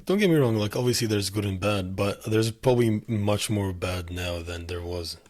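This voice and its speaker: A man's voice: on the low side, moderate pace, a little mellow. A man who is a guest on a casual podcast chat, speaking bluntly and opinionatedly and swearing freely.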